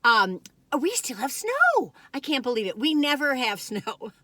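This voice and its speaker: A woman's voice: sits high, huge pitch swings, a little slow, pushed and bright, no room sound. An older woman rambling through a casual food review vlog, going off on tangents and laughing often.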